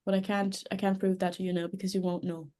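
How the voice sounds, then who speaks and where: A German speech and language therapist, German being her first language, chats as an interview guest in English with an Irish-tinged accent. Her medium-pitched voice is flat, fast, and mellow, and she laughs easily and jokes about herself.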